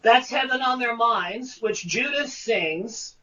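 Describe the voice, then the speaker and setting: A man, a guest, telling profane, animated stories in casual conversation over a video call. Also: very high voice, takes it slowly, recorded from a distance, muffled recording. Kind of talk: casual storytelling.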